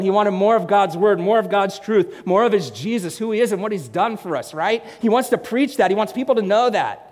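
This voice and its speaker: A man preaching a sermon in an emphatic way, repeating phrases and swinging from loud to hushed. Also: high-pitched. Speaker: pastor. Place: church hall. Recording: long church-hall reverb.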